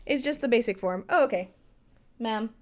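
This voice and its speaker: A woman's voice: a little high, expressive, moderate pace. A young woman streaming live, chatting with her viewers while reading a story game aloud. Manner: chatty, reads game text aloud, answers chat.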